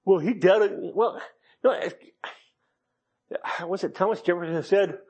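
Middle-aged male preacher, husky voice pitched a bit high, folksy and rambling sermon delivery. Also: measured pace, pauses often, darkish tone.

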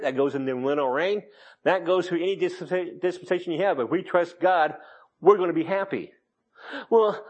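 A man's voice: on the high side, husky. A middle-aged man preaching a sermon in a rambling, folksy way, full of restarts and jokes.

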